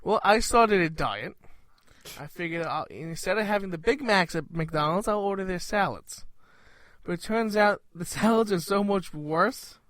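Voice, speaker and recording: A man's voice: sits high, normal speed, no echo. Dry-sounding Brooklyn man, wry. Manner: wry, deadpan one-liners. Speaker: co-host. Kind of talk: casual talk show banter.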